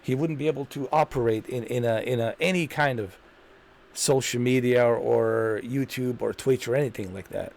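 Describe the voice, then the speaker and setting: A man's voice: medium pitch, moderate pace, gravelly, a little mellow. A man hosting a commentary video, ranting in an indignant, repetitive way and hammering the same points. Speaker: commentary channel host.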